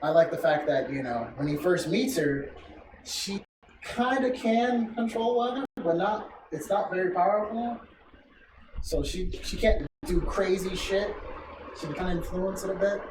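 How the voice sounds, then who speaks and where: A man hosting a casual podcast chat, talking excitedly and swearing freely, often acting out what others said. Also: high-pitched, a little slow. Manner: profane, excitable, quotes people in voices. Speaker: podcast host. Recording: echoey room, distant mic, noisy.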